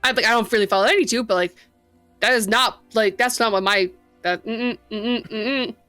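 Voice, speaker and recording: A woman's voice: on the high side, normal speed, sharp tone, faint music behind. A woman player at a tabletop game who talks hesitantly and keeps restarting her sentences. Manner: hesitant, stumbling, restarts often. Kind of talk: casual tabletop game chat.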